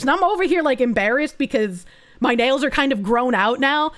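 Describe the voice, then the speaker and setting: A woman with a high voice chats casually on stream and tells a long story. Her talk is loose and rambling and full of "like" and restarts. She swears freely throughout. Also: expressive, brisk. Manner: rambling and profane, full of fillers like "like".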